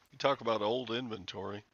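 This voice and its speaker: Male host, lowish gravelly voice, chatty and rambling, dull dry lo-fi sound. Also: bright, forceful tone. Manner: chatty, laughs often, rambling anecdotes. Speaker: show host. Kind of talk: casual live-stream chat.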